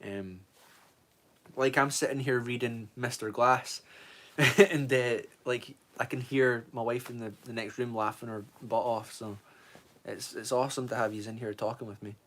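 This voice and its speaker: A man's voice: mid-range voice, steady tone, normal speed, a bit bright. Chatty Scottish man in his twenties. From Scotland. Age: 20s. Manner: rambling, reads out viewer comments and answers them. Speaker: streamer. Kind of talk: casual livestream chat.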